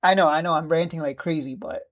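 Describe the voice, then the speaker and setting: A man's voice: a little high, fast talker, a little hiss or hum. A man hosting a live trading stream, ranting bluntly and with plenty of swearing, repeating himself in exasperation.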